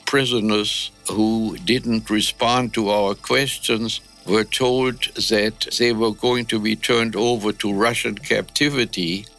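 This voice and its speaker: An older man from Germany, interviewed about his past, speaking in a measured way with pauses. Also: on the low side, fairly even intonation, fairly bright tone, soft background music. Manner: measured, pausing with "uh". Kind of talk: recalled wartime testimony.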